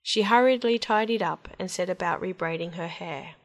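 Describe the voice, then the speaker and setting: A woman storyteller reading fairy tales aloud in a gentle, even narration. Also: fairly low pitch, normal speed.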